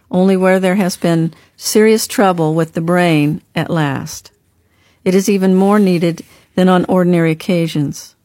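A woman reading the part of a gentle older brother in an audiobook, speaking calmly and softly. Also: high-pitched, dry recording, clean studio sound, natural voice. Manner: gentle, calm, softly reassuring. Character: gentle grown man, a caring older brother.

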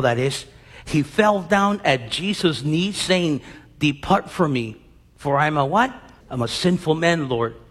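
A man's voice: high-pitched, husky, long reverb tail. A man preaching a sermon, acting out Bible scenes and quizzing his congregation with questions.

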